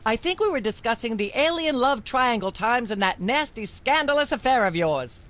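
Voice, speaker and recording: A woman's voice: fairly high pitch, lively intonation, moderate pace, a bit bright. Pompous female talk-show host, theatrical, preachy, video game.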